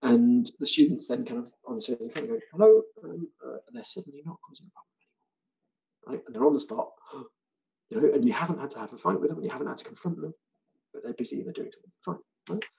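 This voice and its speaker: A British man, a language teacher trainer, giving an animated online seminar talk and acting out other people's lines. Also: a little high, fast, gravelly, muffled recording. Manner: animated, acts out students' and callers' lines.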